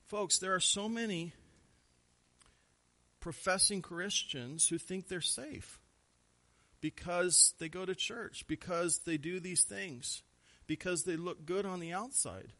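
A pastor in his thirties delivers a sermon in a bright, forceful, slightly high voice. He drives hard on emphatic words and doubles words as he presses a point. Then he drops to a low, quiet tone to let it land. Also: lively intonation, takes it slowly. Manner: preaching, rising to emphatic stresses, then dropping low and quiet.

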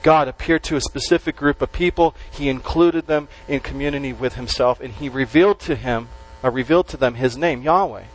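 Man, pastor, sermon, emphatic stresses, trailing phrase endings, mid-pitched voice, faint mains hum. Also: low-quality recording. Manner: emphatic, with slow stressed words and dropped endings.

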